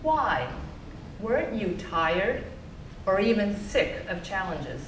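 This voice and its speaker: Casting: woman interviewer, very unhurried and animated, far from the mic, echoey hall with background noise. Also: medium pitch. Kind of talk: onstage interview questions.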